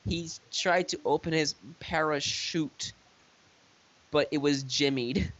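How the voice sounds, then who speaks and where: A man's voice: fairly high pitch, takes it slowly, fairly bright tone, muffled recording. A young man reading a silly fanfiction aloud for laughs, stumbling over misspellings and cracking up as he goes. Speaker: reader of a fanfiction. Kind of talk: comedic dramatic reading.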